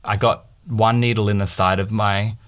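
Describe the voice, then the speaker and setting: A man's voice: fairly low pitch, moderate pace. A man in his thirties, a podcast co-host, telling a personal story in casual chat and acting out the people in it. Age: 30s. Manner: animated, acts out quoted voices.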